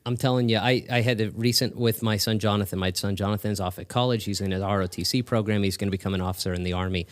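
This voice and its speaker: A man's voice: lowish voice, fairly even intonation, fast. A middle-aged man hosting a podcast, telling family stories with emphatic, preacher-like force. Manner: emphatic, builds to raised preacher-like delivery. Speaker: podcast host. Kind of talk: conversational podcast storytelling.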